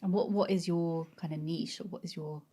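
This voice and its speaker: A woman's voice: lowish voice, steady tone, fairly quick, dark tone. A woman co-hosting a podcast interview, asking loose, filler-heavy questions in casual chat. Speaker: podcast co-host.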